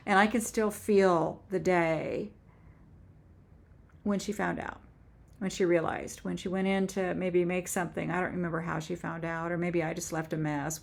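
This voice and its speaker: A woman in her seventies telling a heartfelt personal faith story on her own channel, halting and earnest with frequent restarts. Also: fairly low pitch, gravelly. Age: 70s. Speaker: author and YouTuber. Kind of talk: personal faith testimony vlog.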